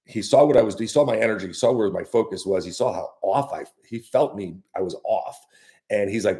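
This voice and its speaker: A man's voice: fairly low pitch, fast, mellow. A young man who works as a fishing guide, telling a rambling casual story full of fillers and restarts. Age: young adult.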